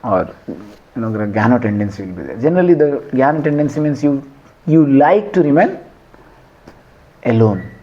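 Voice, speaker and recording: A man's voice: medium pitch, sing-song, moderate pace, long pauses, lo-fi sound. A man giving a devotional scripture class in a conversational way, quizzing listeners and chanting Sanskrit verses. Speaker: lecturer on scripture.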